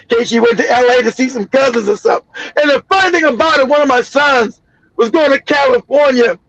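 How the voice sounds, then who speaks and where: High, gravelly man ranting profanely. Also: dry recording, highs cut off. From Los Angeles. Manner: loud, profane, laughing often. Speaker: livestream host. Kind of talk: profane storytelling rant.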